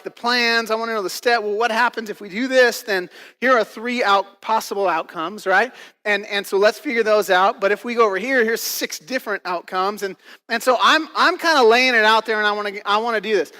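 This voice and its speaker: A man's voice: extremely high pitch, sharp tone, big-room sound. A man preaching a casual, conversational sermon to his church, full of fillers and frequent "right?" check-ins. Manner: casual, filler-heavy, keeps asking "right?". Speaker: pastor. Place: church auditorium.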